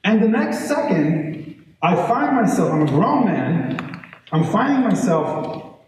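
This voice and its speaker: Speaking slowly in a high voice, a man who works as an educator delivers a live talk to parents. He tells animated, conversational stories and keeps checking in with the crowd. The recording comes from a far-off mic in a reverberant room with faint noise.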